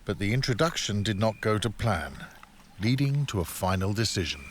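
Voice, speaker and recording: A man narrating a wildlife documentary in a measured, informative, scripted delivery. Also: on the low side, lively intonation, a little hiss or hum.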